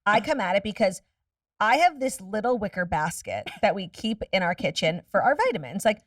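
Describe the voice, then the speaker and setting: A woman's voice: mid-range voice, very animated, a bit bright, dry recording, studio quality, distant mic. A woman guest chatting casually on a podcast, candid and profane, telling stories in a rush. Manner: candid, profane, rapid storytelling.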